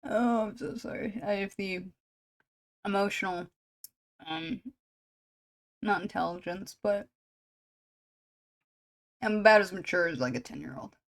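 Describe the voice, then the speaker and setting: A woman's voice: mid-range voice, unhurried, pauses often. Chatty woman streaming while drawing. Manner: chatty, self-deprecating, rambling with fillers. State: sniffling. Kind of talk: casual chat while drawing.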